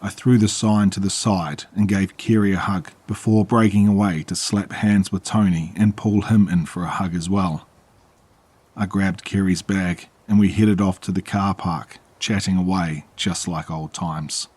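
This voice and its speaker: Deep, husky New narrator. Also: male voice, dry recording. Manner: calm, measured storytelling. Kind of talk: scripted horror narration.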